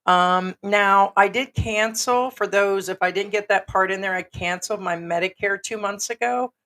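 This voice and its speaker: A middle-aged woman from the United States, hoarse and raspy from being sick, hosting a casual livestream chat in a frank, rambling way. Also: mid-range voice, fairly bright tone. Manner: rambling, frank, with many ums. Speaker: livestream host.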